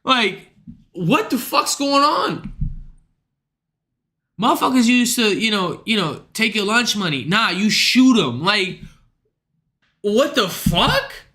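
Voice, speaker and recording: A man's voice: high voice, very animated, slow, pauses often, pushed and bright. A young man streaming, ranting in a casual, profane, slangy way to his chat. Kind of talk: livestream rant.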